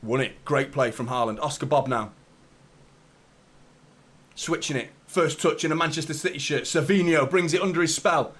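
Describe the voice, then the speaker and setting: Excitable fan commentating live. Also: male voice, moderate pace, pauses often. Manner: excitable play-by-play, jumps to high excited shouts. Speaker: football fan channel host.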